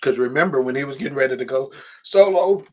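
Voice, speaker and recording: A man's voice: mid-range voice, quick pace. A man co-hosting a casual review podcast, telling stories and acting out quotes. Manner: animated storyteller, acts out quotes. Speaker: podcast co-host. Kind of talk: casual chat.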